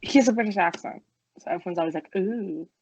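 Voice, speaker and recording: A young woman from New Jersey, co-hosting a casual podcast chat, excitable and quick to defend herself. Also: on the low side, breathy edge, no echo, rough recording. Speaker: podcast co-host.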